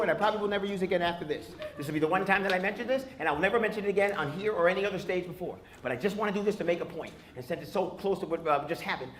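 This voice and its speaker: A man doing a stand-up comedy set with crowd work, brash and punchy, on a club stage with a handheld mic. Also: high voice. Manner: brash, loud, punchy, chatting with the audience. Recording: live club recording with crowd laughter and noise. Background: audience laughter and room noise.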